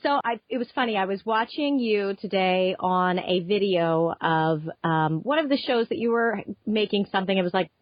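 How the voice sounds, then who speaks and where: A woman's voice: mid-range voice, moderate pace, few pauses, no echo, muffled recording. A woman in her thirties hosting a food podcast, chatting with a guest in a gushing, easy-laughing manner. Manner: warm, gushing, laughs easily. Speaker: podcast host. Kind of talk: interview chat and scripted intro.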